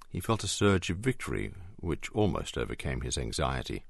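A man reading an audiobook in a measured, expressive scripted narration. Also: sits low, vocal fry, no echo, clean studio sound.

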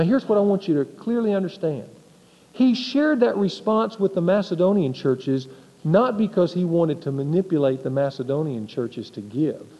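A pastor delivering an emphatic sermon, asking the congregation rhetorical questions. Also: male voice, high voice, mellow, big-room sound, muffled recording.

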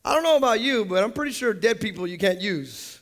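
Animated preacher man. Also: fairly quick. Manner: animated, joking, swinging between loud highs and low asides. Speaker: pastor. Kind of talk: sermon.

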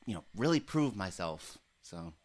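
A man playing a nervous young actor fresh out of drama school, who talks quietly and stammers. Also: sits low, big pitch swings, moderate pace, voice pushed down. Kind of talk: comedy sketch.

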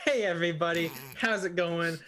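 A tired man player introducing himself in slow, laid-back casual chat. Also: fairly high pitch, sharp tone.

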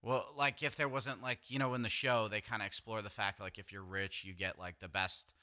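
Deep-voiced casual man, bright tone. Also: fairly even intonation, fairly quick. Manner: casual, questioning, says "like" a lot. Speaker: podcast co-host. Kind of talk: casual podcast chat.

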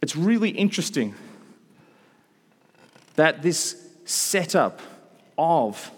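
A man in his thirties delivers a sermon to a live room, his voice sitting a touch high for a man. He tells stories with lively asides and restarts. Long reverb from the hall trails behind his words. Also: slow pace, slightly rough. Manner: animated storytelling with asides. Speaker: preacher. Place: large hall with an audience.

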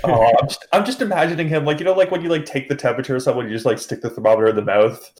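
A man chatting casually about a TV episode, relaxed and joking, often chuckling. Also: medium pitch, racing. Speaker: podcast co-host. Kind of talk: casual TV recap chat.

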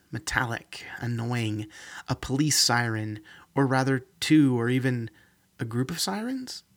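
A man narrating a fantasy novel in a steady, even reading. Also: medium pitch. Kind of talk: audiobook reading.

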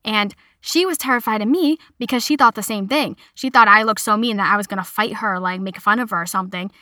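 Bright chatty young woman. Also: medium pitch, quick pace, no echo, studio quality. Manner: chatty, animated retelling with quoted voices. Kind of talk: casual storytelling monologue.

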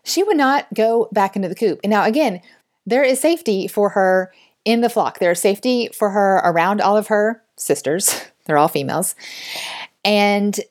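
A woman in her thirties hosting a faith podcast, telling a story with animated, laughing delivery. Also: mid-range voice, normal speed. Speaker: podcast host.

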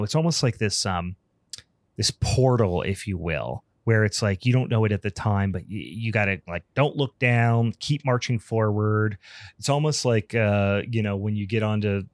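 A podcast co-host with a lowish voice recaps a film at normal speed, talking casually and rambling with lots of fillers and swearing. The recording is dry, with clean studio sound.

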